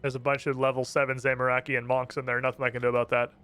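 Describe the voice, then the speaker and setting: A man's voice: mid-range voice, monotone, rapid-fire, pushed and bright, clear, resonant tone, soft background music. A man streaming a game, commenting casually with sarcastic, profane asides. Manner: sarcastic, profane, laughs at himself.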